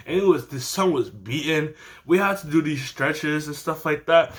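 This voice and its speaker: A man's voice: fairly high pitch, measured pace, slight background noise. Teen guy telling a story, slangy. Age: teens. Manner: animated, slangy, laughs often. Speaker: vlogger. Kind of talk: casual story time.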